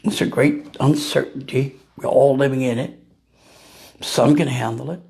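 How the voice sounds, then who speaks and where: A man's voice: medium pitch, steady tone, moderate pace, vocal fry, dark tone. A man ranting casually to camera, firing off rhetorical questions and laughing at his own jokes. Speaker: vlogger. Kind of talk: casual political rant.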